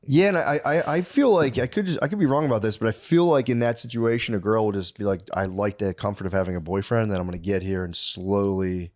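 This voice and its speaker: Low-voiced man reminiscing loosely. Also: fast, few pauses, darkish tone, no room sound, studio quality. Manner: rambling, filler-heavy reminiscing. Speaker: podcast co-host or guest. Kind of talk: casual chat.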